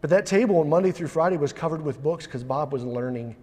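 A male preacher delivers a sermon in a slightly high voice, earnest and building to urgent emphasis. He often restarts his phrases. Long reverb from a large church hall trails after his words. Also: fast talker, a little mellow. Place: church sanctuary.

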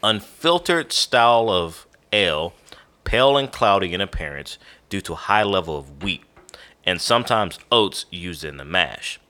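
Co-hosting a casual beer-and-cigar podcast, a man with a low voice talks in a relaxed, rambling, slightly slow way full of fillers. He sounds tired and yawns at times while reading tasting notes.

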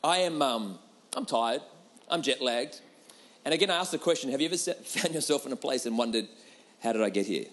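A man's voice: mid-range voice, lively intonation, a little fast, a bit bright. A man preaching a humorous sermon, telling a personal story with laughter and a repeated rhetorical question.

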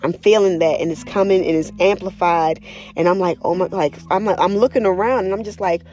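A woman speaking candidly about her spiritual practice in a casual personal monologue, profane and animated as she tells stories. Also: medium pitch, normal speed, soft background music. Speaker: spiritual vlogger.

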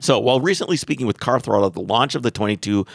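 Male podcast co-host: low, gravelly, animated delivery, dry close recording. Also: rapid-fire, no echo. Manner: animated, laughs easily. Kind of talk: casual chat.

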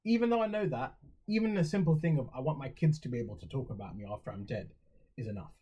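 A man's voice: medium pitch, animated, fast talker, slightly rough, highs cut off. A young English man talking in a reflective, rambling way on a casual podcast, with many fillers and restarts. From England. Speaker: podcast co-host.

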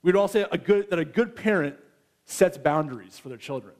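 A man's voice: on the high side, expressive, fairly quick. A man in his thirties preaching a sermon in a conversational way, often checking in with his listeners. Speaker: pastor.

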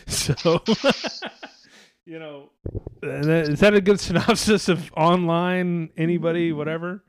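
Man, casual podcast co-host, sarcastic and rambling, heavy swearing, pitch on the higher side, dry close sound. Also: steady tone, takes it slowly, smooth, dry recording. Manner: rambling, sarcastic, swears a lot, mimics others. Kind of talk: casual profane chat.

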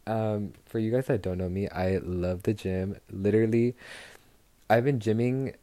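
Young man, chatty, gushing and low. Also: steady tone, a little slow, mellow, no room sound. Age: young adult. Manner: chatty and gushing, full of "like" and "girl". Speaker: podcast host. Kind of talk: casual chat podcast.

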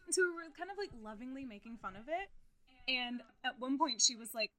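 A woman's voice: sits high, a little fast. A woman author as a podcast guest, chatting casually and telling stories with frequent laughter. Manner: giggly, animated storytelling.

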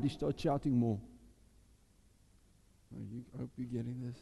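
A man preaching a sermon, acting out Bible voices with animated delivery. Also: on the high side, normal speed, vocal fry, long pauses. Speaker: pastor. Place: church. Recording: long hall reverb.

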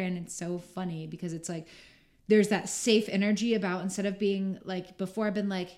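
This woman speaks at a medium pitch and a fairly quick pace as a guest on a podcast during a casual interview. She's chatty, says "like" constantly, and often acts out what other people said.

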